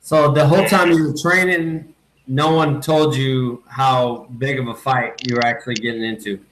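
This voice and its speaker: Relaxed man hosting a podcast interview. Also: medium pitch, moderate pace, low-quality recording. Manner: relaxed, laughs along, asks follow-up questions. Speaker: podcast host. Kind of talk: casual interview.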